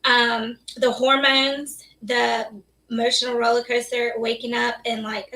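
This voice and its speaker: Bright-voiced woman, a bit off-mic. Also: fairly high pitch, little pitch movement, measured pace, far from the mic, rough recording. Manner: candid, laughs often. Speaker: guest nurse. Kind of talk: casual interview chat.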